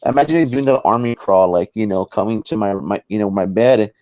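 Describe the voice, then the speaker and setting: Man, talk show guest, casual storyteller, lowish voice, dull lo-fi call sound. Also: brisk, no room sound. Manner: animated, acts out the people in his story.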